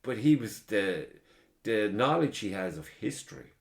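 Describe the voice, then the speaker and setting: A man's voice: on the low side, lively intonation, unhurried, gravelly. An Irish man hosting a podcast, telling rambling, profane stories in a casual chat. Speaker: podcast host.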